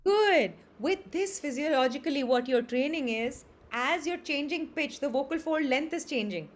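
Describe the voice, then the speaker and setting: High-voiced woman teaching singing online. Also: animated, moderate pace. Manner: affectionate, demonstrates vocal exercises by singing. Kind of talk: online group singing lesson. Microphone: video call.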